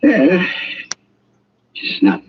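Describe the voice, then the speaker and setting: An actor playing a nervous, fawning German doctor with a German accent who stammers, in an old radio drama. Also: male voice, extremely slow. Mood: nervous, wheedling. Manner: stammering, anxious, ingratiating. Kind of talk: 1940s radio drama acting. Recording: dull lo-fi old radio recording, faint hiss.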